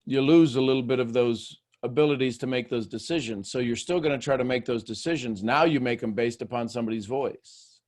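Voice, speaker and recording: A man hosting a motivational talk, firing rhetorical questions at listeners and swinging between hushed asides and loud bursts. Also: medium pitch, a little fast. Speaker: host.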